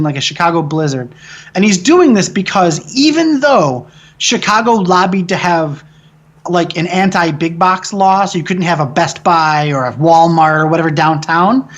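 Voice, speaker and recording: A film director from the American Midwest talks through a personal story in a relaxed interview. He swears freely and rambles animatedly, often restarting his sentences. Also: high-pitched.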